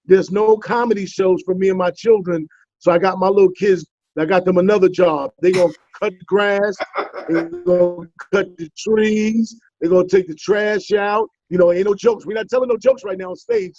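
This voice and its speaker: In a relaxed interview, a high-pitched Bronx comedian animatedly tells stories and teases playfully. The audio is dull, with no echo.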